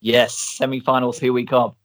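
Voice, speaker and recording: A man's voice: medium pitch, little pitch movement, moderate pace, a bit bright, no room sound. A man hosting a casual podcast, chatty with lots of fillers and laughter. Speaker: podcast host.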